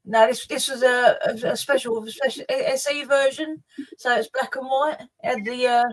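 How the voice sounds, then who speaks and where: A woman's voice: high voice, fairly even intonation, normal speed, rough recording. A woman chatting casually and reminiscing, easily amused. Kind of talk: casual chat.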